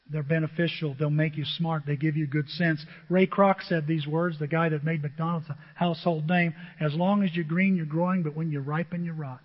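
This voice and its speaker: A male pastor preaching a sermon, driving his points home with repetition and rhetorical questions to the congregation. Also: a little high. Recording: dull audio with long hall reverb.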